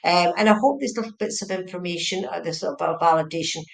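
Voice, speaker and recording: A woman with a lowish voice gives a live tarot and mediumship reading in a chatty, repetitive way. She keeps checking whether her words make sense. The room around her is echoey. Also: fast talker, gravelly. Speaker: psychic medium. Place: indoors at home, room with a heater.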